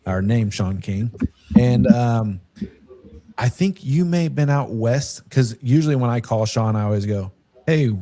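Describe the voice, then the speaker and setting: A man hosting a casual podcast, asking questions in a relaxed, hesitant way with many fillers. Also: medium pitch, measured pace. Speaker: podcast host.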